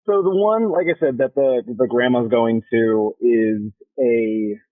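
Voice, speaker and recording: A man's voice: mid-range voice, measured pace, no echo. A man calling in to a show, talking in a hesitant, wry way with many fillers. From Ohio. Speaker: caller. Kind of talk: phone call to a show. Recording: tinny phone line, dry.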